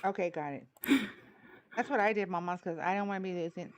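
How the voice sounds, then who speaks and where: A woman's voice: fairly low pitch, fast, smooth, highs cut off. A tired woman from Texas with a Texan accent, hosting a casual political livestream in a blunt, outspoken, slangy way. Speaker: livestream host.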